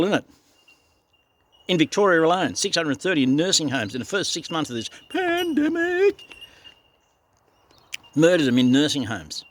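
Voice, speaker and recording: An older man with an Australian accent delivering a blunt, profane, heated ranting monologue as a vlogger. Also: mid-range voice.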